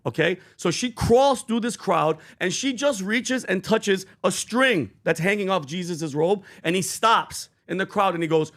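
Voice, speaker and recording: A man's voice: high voice, moderate pace, hardly any pauses, fairly bright tone. A man co-hosting a podcast panel in casual chat, retelling scripture with fervent, preachy emphasis. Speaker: podcast co-host.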